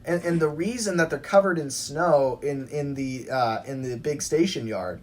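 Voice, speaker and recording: A woman's voice: low voice, moderate pace. A young woman co-hosting a podcast, chatting casually with lots of fillers and restarts. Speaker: podcast co-host. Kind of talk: casual fan chat.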